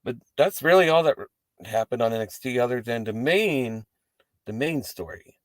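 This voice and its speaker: A man's voice: medium pitch, moderate pace, dry recording. A man hosting a wrestling post-show, talking casually and profanely to the camera from inside his parked car. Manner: rambling, profane, animated asides.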